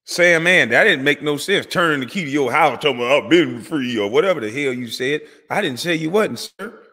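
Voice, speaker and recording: A man's voice: lively intonation, bright, forceful tone, long reverb tail. A man delivering an angry, profane commentary rant as host of his channel. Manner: heated, profane, rapid swings in pitch and volume.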